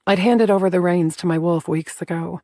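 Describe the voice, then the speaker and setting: Woman reading a romance audiobook, soft intimate telling, dry close sound. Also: lowish voice, steady tone, brisk, no room sound. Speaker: audiobook narrator. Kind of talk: first-person romance audiobook narration.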